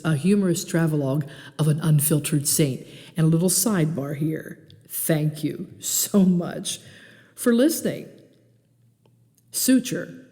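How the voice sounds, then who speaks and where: A woman hosting a podcast, reading her own travel memoir aloud in an animated, expressive way. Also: low voice, long reverb tail. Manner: animated, acts out dialogue and song lines.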